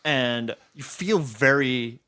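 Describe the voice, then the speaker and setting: A man's voice: mid-range voice, slow pace, pushed and bright, dry recording. A man narrating as game master in a tabletop role-playing game, casual and chatty with frequent fillers and laughs.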